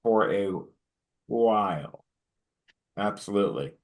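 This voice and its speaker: A man co-hosting a casual podcast, with a lowish voice that jumps up excitedly when he retells his own reactions. He talks informally and swears freely. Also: takes it slowly. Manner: animated retelling, pitch jumps when quoting himself. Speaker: podcast co-host. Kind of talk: casual chat.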